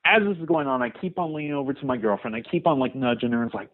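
A man's voice: medium pitch, quick pace, few pauses. Young guy caller rambling thru a story, phone-line sound. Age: young adult. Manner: animated storytelling. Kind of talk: voicemail story.

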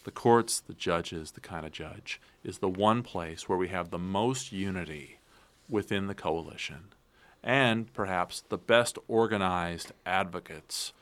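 A man speaking as a guest in a political interview, measured and analytical, often repeating words as he thinks. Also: low voice, a bit bright. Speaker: guest commentator.

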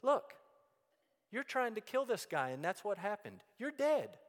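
A man's voice: high voice, big pitch swings, a little slow, pitched above the performer's own voice. A man voicing a blunt, mocking wife who scolds her husband. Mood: scolding. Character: scolding wife of a doomed schemer, woman. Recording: long church reverb.

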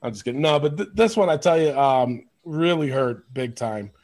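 Lively storytelling man, slightly high voice. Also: moderate pace. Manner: animated storyteller, laughs often, swears. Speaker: podcast host. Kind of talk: casual chat.

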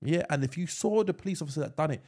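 A man's voice: a little high, lively intonation, very fast, darkish tone, husky. A man co-hosting a podcast in casual chat, rambling and restarting his sentences, with a lot of slang. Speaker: podcast co-host.

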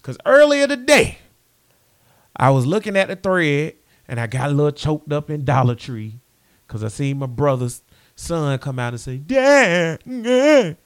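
A man, co-hosting a sports podcast and telling stories in relaxed, chatty banter. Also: on the high side, moderate pace. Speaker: podcast co-host.

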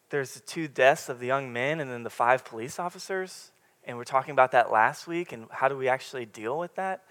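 A man's voice: medium pitch, fairly bright tone. A young man preaching a casual, candid sermon, rambling a little with many fillers and restarts. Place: church meeting room with congregation. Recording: long reverb from the room.

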